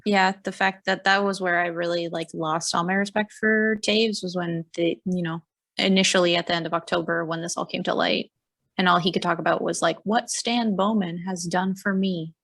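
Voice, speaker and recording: A woman's voice: fairly low pitch, level tone, fairly quick, creaky, fairly bright tone. A young woman co-hosting a podcast in casual chat, blunt, indignant and sarcastic. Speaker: podcast co-host.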